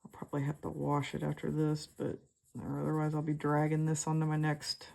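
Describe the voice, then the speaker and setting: A woman with a low voice guides a relaxed draw-with-me lesson. Her tone has a gravelly fry, and she talks unhurriedly, full of fillers and half-finished thoughts. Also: fairly quick. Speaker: art tutor.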